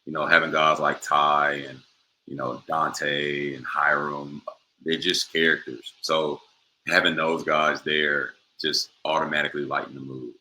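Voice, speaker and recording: A man's voice: extremely low pitch, flat delivery, a little slow, sharp tone, slight background noise, low-quality recording. A young man, a professional basketball player, answering interview questions in a laid-back way with many fillers.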